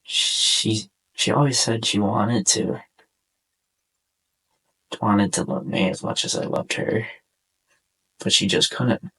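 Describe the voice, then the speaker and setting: Husky young man near tears. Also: fairly low pitch, fairly even intonation, sharp tone, low-quality recording. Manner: subdued, halting, heartfelt. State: sore throat, on the verge of tears. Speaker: podcast host. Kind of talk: casual personal monologue over gameplay.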